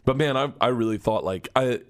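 A comedian man telling a wild story in a radio studio, loud and laughing, acting out the voices of the people in it. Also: medium pitch, fairly quick. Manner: loud, laughing, acts out voices in his stories. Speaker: comedian guest. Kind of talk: animated storytelling.

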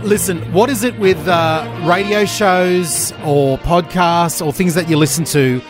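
A man's voice: high voice, faint music behind. A man hosting a breakfast radio show, bantering energetically and stretching out words when he mock-rants. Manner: energetic, mock-ranting, drawn-out emphasis. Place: radio studio. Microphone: studio mic.

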